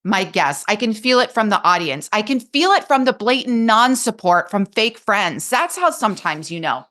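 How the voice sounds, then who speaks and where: A woman's voice: medium pitch, very animated, moderate pace, fairly bright tone. A woman speaking as a coach on a podcast in casual conversation, earnest and emphatic and openly emotional, recorded on a podcast microphone.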